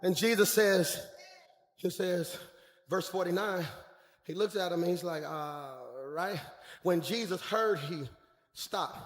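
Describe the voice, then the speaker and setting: A man preaching a sermon as pastor, swinging between shouted calls and quiet, hushed storytelling. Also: high-pitched, takes it slowly, long pauses, big-room sound. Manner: preaching in Black church style, shouting and dropping to a hush.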